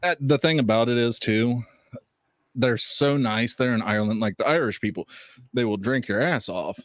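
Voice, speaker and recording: A man's voice: mid-range voice, normal speed, dry recording. A man who is a guest on a casual podcast, chatting easily and pushing back earnestly on the host. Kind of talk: casual chat.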